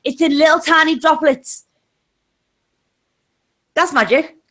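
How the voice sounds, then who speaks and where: A woman's voice: high-pitched, fairly even intonation, slow pace, pushed and bright. A woman with a Liverpool accent, chatting bluntly and swearing freely as a panelist on a group video call. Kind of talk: casual chat.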